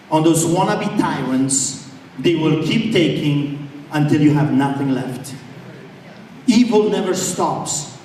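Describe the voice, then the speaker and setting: A man's voice: high voice, darkish tone, a little hiss or hum. A man preaching an impassioned sermon as a pastor, fiery and defiant with mocking asides. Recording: echoey hall, far from the mic, faint ambience.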